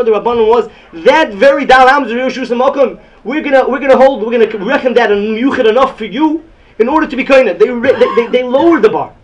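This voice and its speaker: A man giving an excited Talmud lecture. He repeats phrases often and mixes Yiddish and Hebrew terms into his English. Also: very high voice. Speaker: Talmud teacher.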